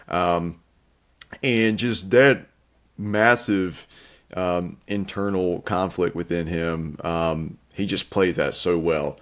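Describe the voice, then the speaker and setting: Jovem de voz bem grave, conversa descontraída sobre filmes, co-apresentador. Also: male voice, sits low. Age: young adult. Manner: easygoing, chatty, light laughs. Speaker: film review show co-host. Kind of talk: casual film review chat.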